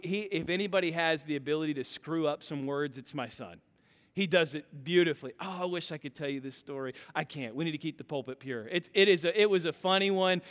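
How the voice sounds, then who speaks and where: A high-voiced male pastor preaching with bright, ringing tone. He tells stories animatedly, rising loud and dropping hushed. His voice trails in the long reverb of a church hall. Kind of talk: sermon.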